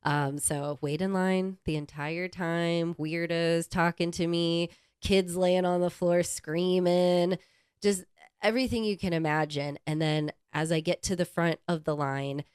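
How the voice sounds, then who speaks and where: A young adult woman co-hosting a podcast, telling a travel story in animated, casual chat and swearing freely. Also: on the low side, a little slow, clean tone, no room sound, studio quality. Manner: animated storyteller who swears and acts out quotes. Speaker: podcast co-host.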